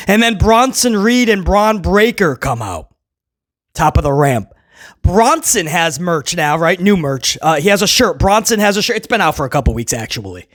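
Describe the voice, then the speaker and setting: Sarcastic man with a lively voice. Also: sits high. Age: adult who was a kid in the late 1990s. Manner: sarcastic, mocking, laughs at own jokes. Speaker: wrestling show reviewer. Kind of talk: casual commentary.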